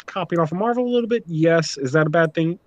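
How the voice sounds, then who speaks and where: A talkative man with a fairly high voice hosts a casual podcast chat, working through his notes and giving his opinions freely. His voice sounds dull and slightly muffled. The recording is very dry. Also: fast, no room sound. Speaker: podcast host.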